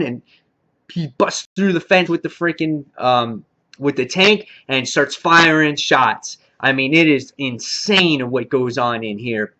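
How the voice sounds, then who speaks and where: A man reviewing a TV episode in a casual, excitable recap, full of fillers and mild swearing. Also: fairly high pitch, highs cut off. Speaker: TV show reviewer.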